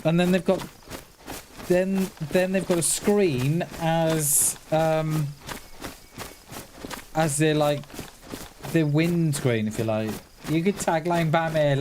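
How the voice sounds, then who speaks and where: A man's voice: on the high side, a little mellow. A man streaming a survival game, chatting casually and answering his viewers, calling them mate and dude. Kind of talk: casual live-stream chat. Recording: clear game noise behind the voice.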